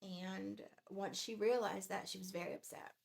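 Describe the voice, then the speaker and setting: Gravelly-voiced woman in her forties. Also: medium pitch, fairly even intonation, moderate pace, darkish tone, slight background noise. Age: 40s. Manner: chatty, exasperated retelling. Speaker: storyteller. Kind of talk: casual storytime vlog.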